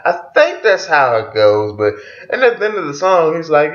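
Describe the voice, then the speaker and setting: A man's voice: fairly high pitch, sing-song, normal speed. A man giving a loose, profane, casual track-by-track review of an album, chuckling often as he talks. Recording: roomy, dull lo-fi recording.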